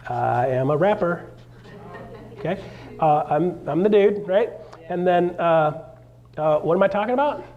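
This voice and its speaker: A man gives an energetic coaching talk to a live room, cracking jokes and acting out little exchanges. His voice sits a touch higher than most men's, and he jumps up higher still when playing other people. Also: a little slow, long pauses, narrow, tinny audio. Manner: animated, jokey, acts out quotes in a raised voice. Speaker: real estate coach.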